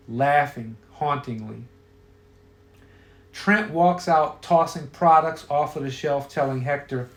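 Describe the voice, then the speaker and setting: A man's voice: a little high, slow. Profane man telling a story in an echoey room. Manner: profane and offhand. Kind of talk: crude casual storytelling.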